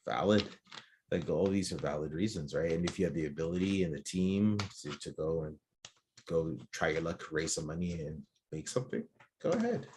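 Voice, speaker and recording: A man's voice: very deep voice, fairly quick, a little mellow, slight background noise. A man co-hosting a casual podcast roundtable, talking optimistically and hedging often. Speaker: podcast co-host.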